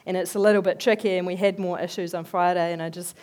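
A woman giving a conversational sermon, telling animated, chatty stories in an everyday voice. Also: fairly low pitch, fast. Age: adult, working as a head teacher. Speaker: lay speaker giving a talk.

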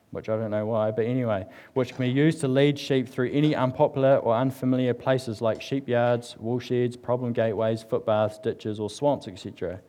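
A man's voice: mid-range voice, warm tone. Chatty, joking New man preaching. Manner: chatty and joking, with frequent fillers. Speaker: church speaker. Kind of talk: casual humorous sermon. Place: church service with live congregation.

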